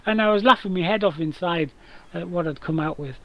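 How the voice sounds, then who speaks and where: A man with a rough, damaged voice, chatting casually as a streamer while gaming, rambling through stories with many restarts. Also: high-pitched, a little fast, sharp tone, poor audio.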